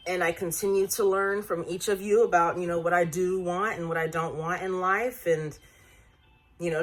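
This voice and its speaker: A vlogger in her late twenties, whose voice is on the low side and a bit bright, reflects on personal matters at home. She rambles and restarts often, laughs a lot, and comes close to tears.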